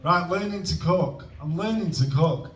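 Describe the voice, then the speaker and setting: Self-deprecating comedian, high voice, roomy. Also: male voice, moderate pace, a bit bright. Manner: self-deprecating, awkward, trailing off mid-joke. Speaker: stand-up comedian at an open mic. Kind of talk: rambling stand-up set. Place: comedy club stage with audience. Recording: roomy venue sound from a distant mic.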